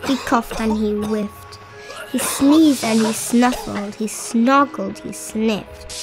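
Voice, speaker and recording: A woman reading a rhyming children's picture book aloud in a slow, expressive storytelling manner. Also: a little high, over music. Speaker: storybook reader. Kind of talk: children's read-aloud narration.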